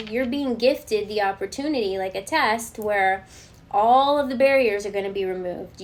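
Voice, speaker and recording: A woman's voice: a little high, slight background noise. A woman giving a spoken tarot reading and channeled guidance, earnest and reassuring, often checking in with her listener. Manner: earnest and spiritual, talks straight to the viewer. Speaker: tarot card reader.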